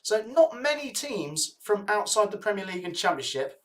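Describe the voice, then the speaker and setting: A man's voice: sits high, very animated, moderate pace. A young man hosting a live football watch-along, chatting casually, urging viewers to like and comment, and rattling off club names from the chat. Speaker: livestream host.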